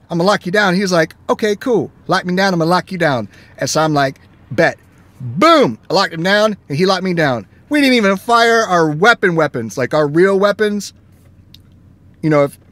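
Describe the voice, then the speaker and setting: A man chatting casually from his car while driving, telling stories in an animated way and acting out both sides of each exchange. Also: high-pitched. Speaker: gaming vlogger. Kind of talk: casual chat. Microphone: phone camera. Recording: faint road noise inside a moving car. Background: faint car and road noise.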